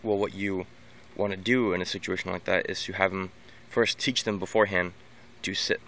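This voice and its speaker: Speaking fairly quickly, a man with a low-pitched, steady, fairly bright voice gives dog training tips in a casual vlog. The monologue is unscripted and rambling, with many restarts and repeated words.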